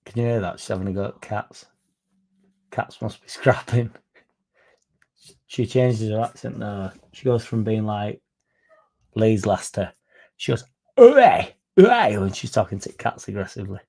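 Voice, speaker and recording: A man's voice: on the low side, fairly even intonation, moderate pace, vocal fry, long pauses, darkish tone. A man hosting a casual live-stream, reading out viewer comments and rambling with swearing and self-interruptions. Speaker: fan channel host.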